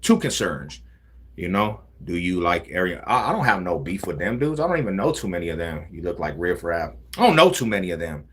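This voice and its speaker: A man hosting a casual livestream, talking in animated street slang. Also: low-pitched, brisk, husky. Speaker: livestream host.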